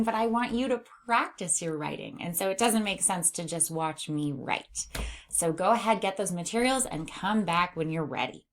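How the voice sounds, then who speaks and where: A middle-aged woman teaching a phonics lesson to young readers. She sounds out sentences slowly, word by word, and hums while she scans the page for letters. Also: fairly low pitch. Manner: slow, exaggerated word-by-word reading aloud. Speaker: reading teacher.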